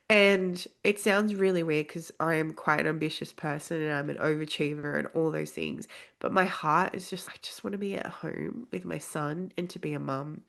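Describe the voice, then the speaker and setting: A woman's voice: low-pitched, brisk, gravelly. A woman guest on a podcast, telling a personal story in a casual way and acting out the other people's lines as she goes. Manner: animated, acts out quoted dialogue.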